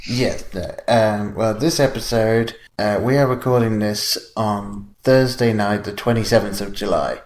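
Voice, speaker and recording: A man's voice: on the low side, steady tone, unhurried, hardly any pauses, roomy sound, slight background noise. A man co-hosting a film review podcast, dry and matter-of-fact in casual chat. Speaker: podcast co-host.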